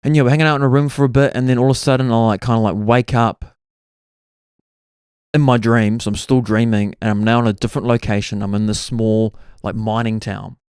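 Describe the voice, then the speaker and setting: A man's voice: mid-range voice, fairly even intonation, fairly quick, darkish tone, clear, resonant tone, dry recording, clean studio sound. A man, hosting his own podcast and rambling through stories in a casual way, full of "like" and "bro". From New Zealand. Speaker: podcast host. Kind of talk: casual solo storytelling.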